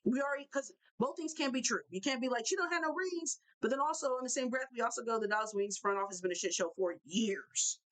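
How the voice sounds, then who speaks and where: A young woman hosting a live basketball talk show, ranting in an animated way and repeating herself for emphasis. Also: a little high, fast, few pauses, low-quality recording. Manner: animated, repetitive, fired-up ranting. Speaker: show host.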